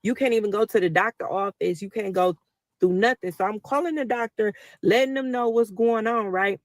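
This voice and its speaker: A woman's voice: medium pitch, a little fast, no echo. A mother telling a personal story to viewers in a casual, emotional way, talking straight to them as y'all. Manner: talkative, emotional, addresses listeners as y'all.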